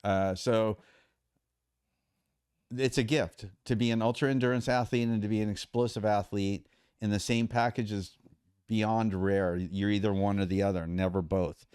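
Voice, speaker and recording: Guy telling stories on a podcast, smooth voice, dry close mic. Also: fairly low pitch, moderate pace, no room sound. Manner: animated storyteller with many restarts. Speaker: podcast guest, endurance athlete. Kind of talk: casual storytelling.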